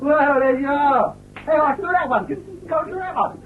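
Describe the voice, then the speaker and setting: A man's voice: very high voice, moderate pace. A man chatting jovially with family and friends, trading banter. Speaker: documentary subject. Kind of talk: casual chat. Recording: thin phone-like 1970s film sound with faint hiss.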